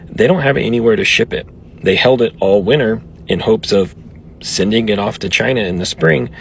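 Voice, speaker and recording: A man narrating farm news in a steady, explanatory way. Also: fairly low pitch, vocal fry, a little hiss or hum.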